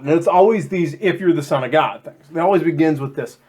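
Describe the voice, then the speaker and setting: A man chatting casually on a podcast about scripture, his fairly high voice swooping up and down as he jokes. He keeps slipping into quick silly voices to act out what people say. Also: breathy edge. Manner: animated, jokey, acts out quotes in silly voices. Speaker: podcast co-host.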